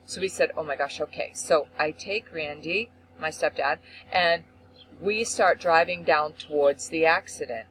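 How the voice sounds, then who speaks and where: Expressive woman hosting a faith talk show. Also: a little slow, slight background noise, low-quality recording. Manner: expressive, acts out quotes with big pitch swings. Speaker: host. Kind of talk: animated storytelling.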